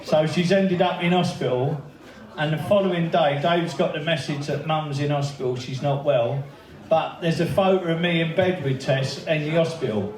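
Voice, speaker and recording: A man's voice: fairly high pitch, normal speed, a little mellow. A man giving a laughing, swear-filled anecdotal speech to a crowd in a pub, acting out the other people's lines as he goes. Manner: swearing, laughing storyteller who acts out the quoted voices. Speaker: speaker at a memorial birthday event. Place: pub function room. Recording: echoey room, heard from a distance.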